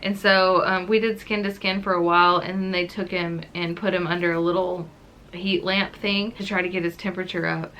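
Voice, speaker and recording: Bright-voiced young woman vlogger. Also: on the low side, level tone, a little fast. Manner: chatty, says "like" often. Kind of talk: casual storytelling to camera.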